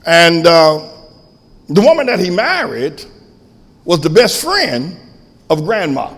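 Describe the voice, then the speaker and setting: Preaching pastor, shouts ringing through a hall. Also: male voice, on the high side, big pitch swings, slow. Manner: preaching with sudden shouts and long drops. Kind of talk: sermon.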